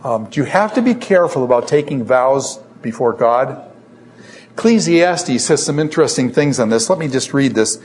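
A man's voice: mid-range voice, animated, moderate pace, a little mellow. A middle-aged man teaching a lecture on scripture, who poses questions and then answers them himself. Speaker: Bible teacher.

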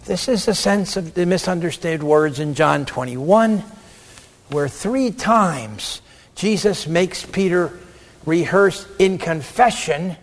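Male preacher, emphatic and lively, slightly high voice; long hall reverb. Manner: emphatic, lively, acts out quotes. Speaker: preacher and theologian. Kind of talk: sermon.

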